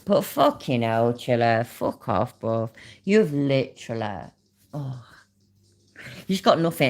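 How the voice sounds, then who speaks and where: A woman's voice: extremely low pitch, very animated, measured pace. A woman giving casual, sweary reaction commentary while reading her chat. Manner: swears a lot, laughs, talks to the chat. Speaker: commentary streamer.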